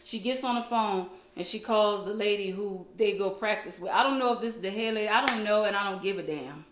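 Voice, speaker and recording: A woman, a single mom, telling a story to camera in a blunt, animated way. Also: mid-range voice, fairly quick, slight background noise. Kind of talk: casual storytime monologue. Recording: echoey room.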